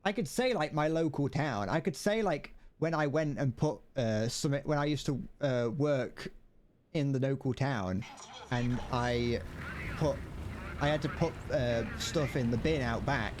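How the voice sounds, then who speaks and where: A man's voice: mid-range voice, a little slow. Rambling British guy streaming with background noise. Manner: rambling and self-deprecating, swears, stammers on restarts. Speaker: live streamer. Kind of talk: casual chat while gaming, reading chat.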